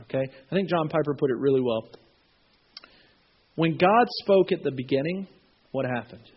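A man preaching a sermon, reading scripture and telling stories with lively acted-out voices. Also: sits high, breathy edge. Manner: animated storytelling, acting out voices. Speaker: pastor. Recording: dull, lo-fi sound.

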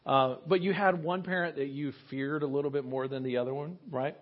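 A man preaching a sermon to his church, animated, with jokey asides and acted-out quotes. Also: mid-range voice, fairly quick, hardly any pauses, lo-fi sound. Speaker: pastor.

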